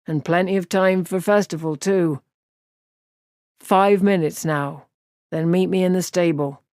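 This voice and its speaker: A calm middle-aged farmer and father, firm and unhurried, spoken fairly low and dry. A woman reads him in an audiobook, close to her own voice. He speaks in a way that brooks no argument. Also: no room sound, natural voice.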